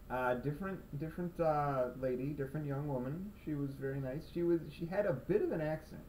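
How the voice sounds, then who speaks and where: A young video blogger rambles through a sarcastic, self-deprecating comic monologue in his room at night, his medium-pitched voice warm. He sits a bit back from a cheap camera's built-in mic, so he sounds distant, with poor audio and faint room noise.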